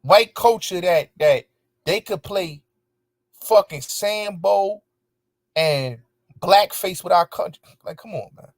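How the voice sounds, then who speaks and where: Speaking slowly in a high-pitched voice, this man hosts his show and fires back at viewers in a furious, profanity-laden rant, stressing and restating his points over and over. It's a dry, clean studio recording.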